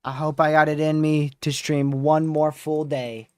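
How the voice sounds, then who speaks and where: A man's voice: on the high side, measured pace, no room sound, studio quality. Weary man recapping on a livestream. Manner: rambling, relaxed recap with fillers. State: exhausted, yawning. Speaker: storm chaser livestream host. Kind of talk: casual livestream chat.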